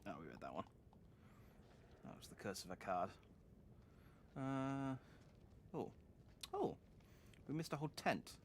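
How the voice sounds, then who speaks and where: Man, streamer commentary, joking, lively pitch swings. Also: a little slow, long pauses, a little hiss or hum. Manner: animated, joking. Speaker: gaming streamer. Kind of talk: let's play commentary.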